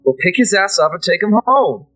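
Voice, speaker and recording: A man voicing a gruff, stout middle-aged male gang boss who gives curt orders. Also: high voice, very animated, a little fast, pushed and bright, faint music behind, voice pushed up, full character voice. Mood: commanding. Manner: curt, commanding.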